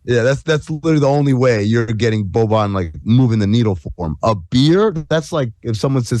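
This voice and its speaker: A man co-hosting a sports podcast, talking in halting, self-correcting bursts with a wry edge. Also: medium pitch, animated, a little mellow, no room sound. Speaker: podcast co-host. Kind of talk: casual sports-talk banter.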